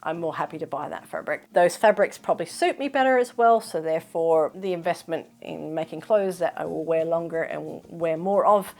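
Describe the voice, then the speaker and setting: A woman sewing vlogger chatting casually to camera in a Q&A, thoughtful and relaxed with the odd filler. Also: deep voice, moderate pace, hardly any pauses.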